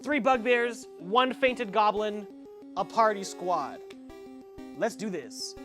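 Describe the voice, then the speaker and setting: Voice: mid-range voice, slow pace, fairly bright tone, soft background music. A game master narrating a tabletop game in a casual way, reading the module aloud with many ums and self-corrections.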